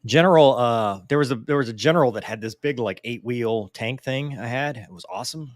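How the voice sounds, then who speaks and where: A man's voice: medium pitch, a little fast, no echo, studio quality. A man in his forties hosting a casual live Q&A, reading viewer mail and joking about himself. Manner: joking, self-deprecating, animated. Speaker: host answering viewer mail.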